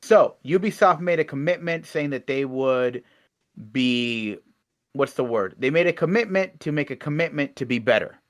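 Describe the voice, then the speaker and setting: A young man co-hosting a casual online show, reading gaming news and adding sarcastic, animated asides, his voice swinging from loud to soft. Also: mid-range voice, moderate pace. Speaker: co-host.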